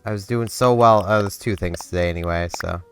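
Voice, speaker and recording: A man casually chatting through a life-sim game in a relaxed, rambling way. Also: low voice, brisk, loud music behind the voice. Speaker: gaming channel host. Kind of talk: casual gameplay commentary.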